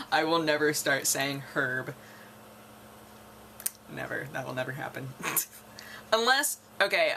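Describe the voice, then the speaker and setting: A young woman from North America talks casually to her camera, drifting between thoughts and laughing often. Her voice sits low yet sounds bright and forward. She trails off and restarts as she muses aloud. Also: a little hiss or hum. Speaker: vlogger.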